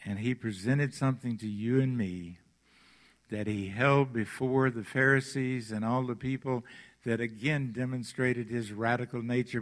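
A pastor delivers a sermon in an unhurried, deliberate way, leaning on key words as he retells scripture. His voice sits in a middle register for a man. The sound rings with the long reverb of a church hall. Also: medium pitch. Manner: slow, emphatic storytelling preaching.

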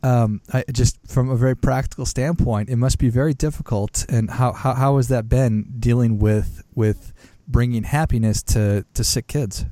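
A man's voice: mid-range voice, normal speed, mellow, no echo. A man in his thirties hosting an interview, stammering and repeating words as he works out his question. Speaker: interview host. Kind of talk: conversational interview.

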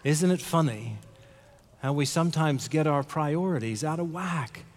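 A man's voice: a little high, unhurried. A male pastor giving a conversational sermon in a church, asking the congregation questions. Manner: conversational, asks the audience questions. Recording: long hall reverb.

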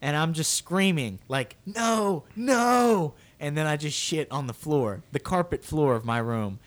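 A man's voice: fairly high pitch, normal speed. Young man rambling through a story. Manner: rambling storyteller, acts out childish wails. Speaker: podcast co-host. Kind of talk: casual chat.

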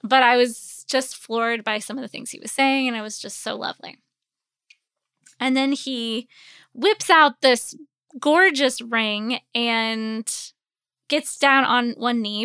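A woman's voice: fairly high pitch, sharp tone, clean tone, no room sound, studio quality. A woman in her forties, a podcast host, telling a personal story in a candid, rambling way, a little sleepy and yawning. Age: 40s. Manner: candid, rambling, with many fillers.

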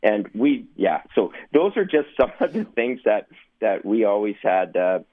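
A man spins sports-broadcasting anecdotes over a tinny, phone-like line, his voice low and close. He rambles, packs his talk with fillers and keeps breaking into laughter. The sound is dry, with no room around it. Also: big pitch swings, measured pace, no room sound. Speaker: former sportscaster, guest. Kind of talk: anecdotal storytelling.

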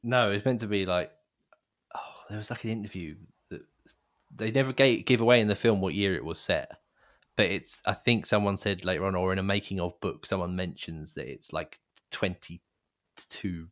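A man's voice: deep voice, normal speed, a bit bright. A man co-hosting a casual podcast, making dry jokes and laughing easily. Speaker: podcast co-host. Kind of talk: casual chat.

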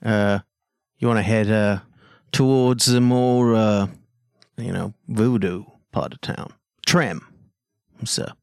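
A man's voice: on the low side, creaky, dry recording, studio quality. A man voicing a courteous male mask-maker running a shop, with polite, obliging shop talk.

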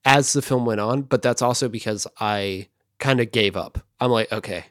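A man's voice: medium pitch, a bit bright, dry recording. Opinionated man reviewing a movie, dry mic. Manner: opinionated, conversational, quick asides. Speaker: podcast co-host. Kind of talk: casual movie review chat.

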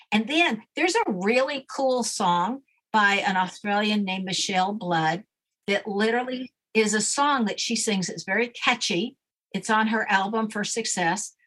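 A woman's voice: mid-range voice, fairly bright tone. A woman guest coach giving confident, matter-of-fact instructions in an interview.

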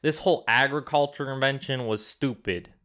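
A man's voice: medium pitch, moderate pace, bright, forceful tone. A man hosting a casual podcast, ranting satirically in a put-on Southern accent into a close mic. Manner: mock-ranting, over-the-top satirical persona. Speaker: podcast host. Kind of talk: casual comedic podcast chat.

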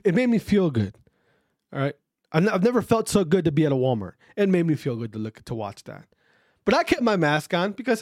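A man's voice: high-pitched, darkish tone, dry recording, clean studio sound. A man hosting a podcast, ranting casually, swearing a lot and repeating himself. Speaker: podcast host. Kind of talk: casual profane podcast rant.

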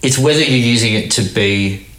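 A man's voice: mid-range voice, normal speed, a bit bright. A man co-hosting a casual chat, rambling and often restarting his sentences with an occasional laugh. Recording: roomy echo.

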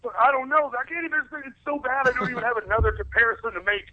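Calling in as a guest on a casual wrestling podcast, a man with a very high-pitched voice races through a profanity-heavy rant about things he hates. The sound is muffled, like a phone line.

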